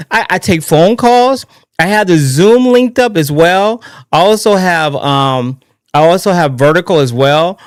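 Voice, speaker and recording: A man hosting his own live political talk stream in a casual, excitable, rambling way, often restarting his sentences. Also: fairly high pitch, no echo, clean studio sound. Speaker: livestream political show host.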